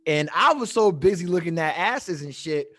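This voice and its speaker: A man telling a long story in casual chat, animated and profane, often laughing at his own tale. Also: on the high side, moderate pace, no room sound. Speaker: podcast storyteller.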